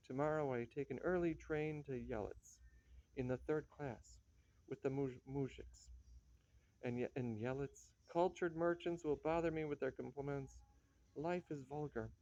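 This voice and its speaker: A man reading a play, voicing a worn-down young actress in halting, faltering speech. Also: a little high, a little mellow, no room sound, highs cut off, close to an everyday voice. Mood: weary. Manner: halting, broken, stumbling restarts.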